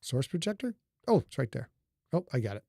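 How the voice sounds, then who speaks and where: A man's voice: medium pitch, sing-song, a little fast, gravelly, dark tone, no room sound, studio quality. A middle-aged man hosting a casual livestream, talking loosely and joking with his audience. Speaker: livestream host and author. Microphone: studio microphone.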